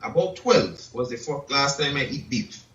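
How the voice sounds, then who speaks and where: A man in casual chat, lecturing slowly and deliberately. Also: medium pitch, expressive, fairly bright tone. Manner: slow, lecturing, asks "you check?". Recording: echoey room, distant dull mic.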